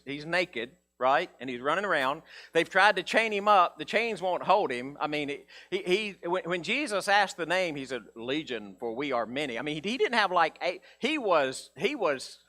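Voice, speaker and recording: A male pastor preaching a folksy sermon, acting out the characters' voices. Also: medium pitch. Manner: folksy, animated, acts out voices of Bible characters.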